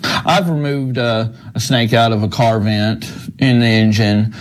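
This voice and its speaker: A man, an animal services officer, interviewed for the news, speaking haltingly. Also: medium pitch, fairly even intonation. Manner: halting, with fillers.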